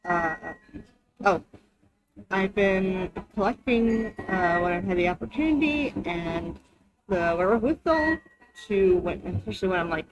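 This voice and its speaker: A woman's voice: medium pitch, low-quality recording. A woman vlogger telling a long casual story, chatty and profane, full of fillers. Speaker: travel vlogger.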